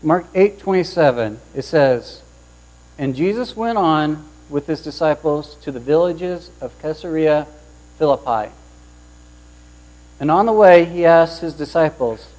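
A man's voice: fairly high pitch, measured pace, rough recording. Storytelling male preacher, hum behind. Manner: storytelling, lively quoted voices. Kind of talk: sermon with personal story. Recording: mains hum underneath.

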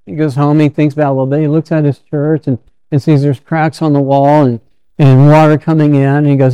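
Male preacher, mid pitch, smooth clear voice, dry close sound, casual storytelling sermon delivery. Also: fairly even intonation, quick pace, mellow, no echo. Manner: conversational storytelling with frequent restarts.

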